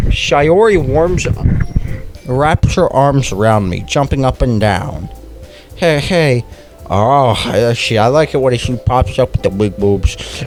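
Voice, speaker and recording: A young man playing an awkward comedic persona, reading a visual novel aloud in character with slurred, wet-mouthed speech, halting and stumbling over his words in a deadpan way. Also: medium pitch, soft background music, rough recording. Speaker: comedic let's-play persona.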